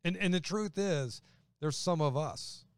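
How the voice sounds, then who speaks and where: A man's voice: fairly high pitch, a little slow, clean tone, dry recording. A man preaching a sermon in a conversational way, acting out quoted voices as he goes. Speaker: pastor.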